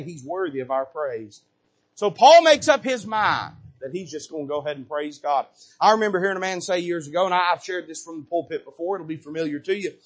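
A man preaching a sermon from a church pulpit, folksy and repetitive, building to shouts and then dropping low. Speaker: pastor. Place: church sanctuary.

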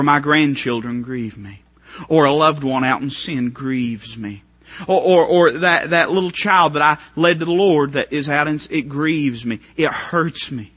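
A male preacher with a high, sharp voice and a husky edge delivers a sermon in fervent, stop-start bursts. He swings from quiet, low passages to loud ones. The recording is dry and sounds dull and lo-fi. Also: no echo. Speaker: pastor.

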